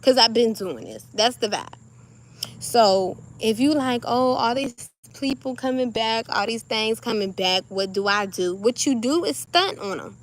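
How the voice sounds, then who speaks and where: A woman with a slightly high voice talks straight to her viewers in a loose, animated spiritual pep talk. Her comes through clearly, and she acts out little scenes with a playful laugh. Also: unhurried, a little hiss or hum. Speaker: spiritual vlogger.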